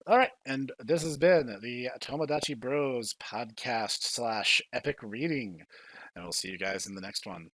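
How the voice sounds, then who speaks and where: A young man hosting a podcast in casual chat, lively and quick to laugh, often stumbling over his words. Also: medium pitch, dry recording. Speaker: podcast host.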